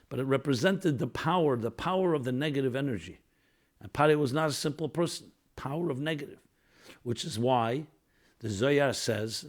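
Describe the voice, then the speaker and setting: Earnest man giving a Torah lecture. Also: mid-range voice. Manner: earnest teaching tone, rising emphasis on key points, Hebrew and Yiddish terms woven in. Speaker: rabbi lecturer.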